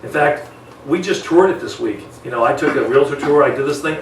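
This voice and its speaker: A man's voice: on the high side, brisk, a little hiss or hum. A man teaching a live sales training seminar, full of energy, acting out phone calls with clients and changing his speed on purpose. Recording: echoey room, mic at a distance.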